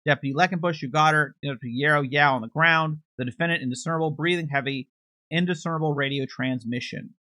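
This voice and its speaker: A man's voice: fairly high pitch, fast talker, pushed and bright, no echo. A man hosting a true crime channel, reading court transcripts aloud in a matter-of-fact way, announcing each speaker's label and adding his own comments.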